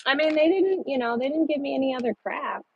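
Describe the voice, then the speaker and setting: A woman truck driver chatting casually with her livestream viewers, blunt and quick to swear. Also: sits high, expressive, gravelly, highs cut off.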